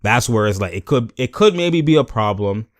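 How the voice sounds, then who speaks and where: This young man, a sports commentary vlogger, has a mid-range voice with lively intonation and a moderate pace. In studio-quality audio with no room sound, he animatedly breaks down a basketball clip in slang and acts out the players' lines.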